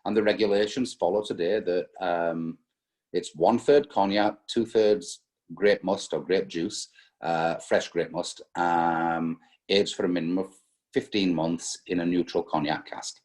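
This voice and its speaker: Deep-voiced man, halting storyteller. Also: steady tone, a little mellow. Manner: hesitant, many fillers and restarts, storytelling. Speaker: spirits importer guest. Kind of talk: casual interview conversation.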